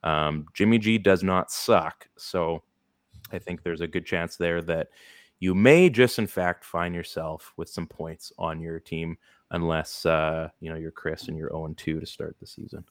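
A man's voice: low voice, fairly even intonation, a little slow, no echo, clean studio sound. A man hosting a casual sports podcast, rambling through advice with lots of fillers. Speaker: podcast host. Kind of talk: casual fantasy sports chat.

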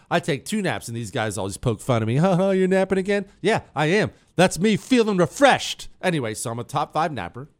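A male talk radio host in a studio, bragging in a playful, joking way and ribbing a co-host. His voice sits at a middle pitch and sounds dry and close on the mic. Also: no room sound. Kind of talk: boastful casual talk radio monologue.

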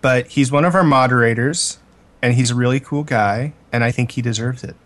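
A man's voice: mid-range voice, brisk, fairly bright tone. Teasing man in podcast chat. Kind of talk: casual chat.

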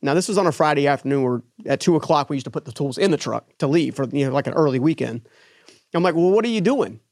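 A man telling his own story in an interview, animated, acting out the voices of the people in it. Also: mid-range voice, quick pace, no room sound, studio quality. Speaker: business owner guest.

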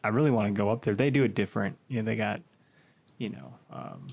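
A young man hosts a casual hunting podcast, talking quickly with an upbeat, friendly energy. His voice has a gravelly edge, and the sound is a bit dull and lo-fi. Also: fairly low pitch, very animated, darkish tone. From Wisconsin, USA. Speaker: podcast host. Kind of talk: casual interview chat.

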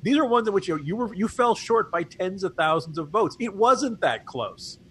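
A man's voice: high-pitched, animated, normal speed, a bit bright, slight background noise. A man co-hosting a political podcast, talking in a wry, chatty way. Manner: wry, chatty, laughs at his own jokes. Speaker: podcast co-host. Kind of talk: casual political talk.

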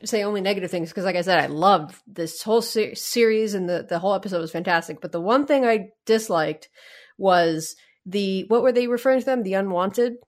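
A woman talks through her thoughts on a podcast, circling back and restarting as she goes. Her pitch sits in the middle range, and the tone is relaxed and conversational. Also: a little fast. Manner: thoughtful, hedging with many restarts. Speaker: podcast co-host. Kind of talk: casual discussion.

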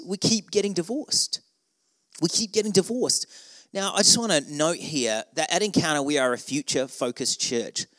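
A pastor delivers a sermon as a wry, humorous story, tossing out rhetorical questions. His voice sits a little high for a man. The sound is dry and close, with no room echo. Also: pushed and bright.

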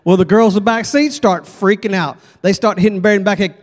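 Folksy preacher in a church hall. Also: male voice, sits high, fast talker. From Texas. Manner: folksy, animated storyteller. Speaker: revival preacher. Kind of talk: storytelling sermon. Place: church sanctuary. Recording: long church reverb.

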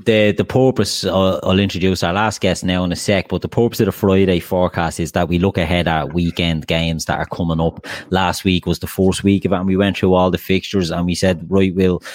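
A man's voice: low voice, no room sound, studio quality. A man hosting a casual football podcast, steadily introducing guests and steering the chat. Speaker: podcast host.

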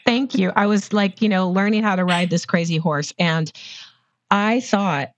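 A woman's voice: medium pitch, normal speed, no echo, lo-fi sound. A woman costume designer chatting in a casual podcast interview, with lots of fillers and "right?" tags.

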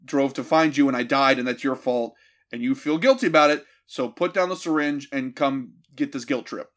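A man's voice: medium pitch, moderate pace, fairly bright tone, pitched below the performer's own voice, close to an everyday voice. A man voicing a demon posing as a dead mother, laying on a mocking, laid-back guilt trip. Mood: guilt-tripping.

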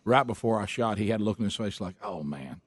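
A man's voice: lowish voice, steady tone, no room sound. A man in casual, teasing banter with his co-hosts, laughing often. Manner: laughing, teasing, drawn-out exclamations. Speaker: co-host.

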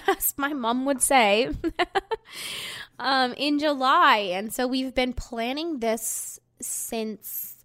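A woman's voice: medium pitch, no echo, studio quality. A young woman, a podcast host telling a story in casual chat, swearing freely and filling it with "like". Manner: chatty, swears freely, fillers of "like".

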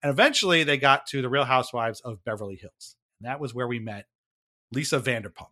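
On a casual podcast, a male co-host explains a reality show to his friend in a chatty, wry way, laughing at himself and often restarting sentences. His voice is medium-pitched, a little fast, pushed and bright.

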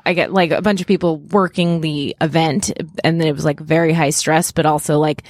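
A woman producer talks casually on a podcast, softly and with frequent laughter. Her voice sits low, and the recording is dry and close. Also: fairly even intonation, fairly quick, no echo. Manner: laughing, soft, conversational. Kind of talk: casual chat.

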